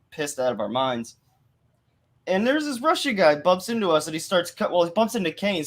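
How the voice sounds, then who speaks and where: A man, a podcast guest, telling comic anecdotes in an animated, joking way. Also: fairly high pitch.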